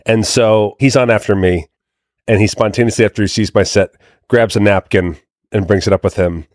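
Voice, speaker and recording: A man co-hosting a podcast, telling anecdotes in a lively, chatty way in casual conversation. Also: lowish voice, normal speed, no echo, studio quality. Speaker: podcast co-host. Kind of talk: casual chat, storytelling.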